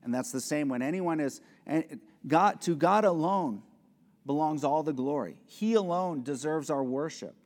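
A man's voice: a little high, normal speed, darkish tone. A male pastor preaching an expository sermon, earnest and rising to emphatic peaks. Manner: earnest, builds to emphatic peaks, acts out little scenes. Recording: long reverb of a large hall.

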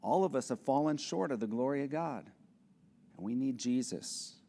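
A man's voice: mid-range voice, animated, normal speed, warm tone. A male pastor preaching an expository sermon, earnest and rising to emphatic peaks. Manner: earnest, builds to emphatic peaks, acts out little scenes. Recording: long reverb of a large hall.

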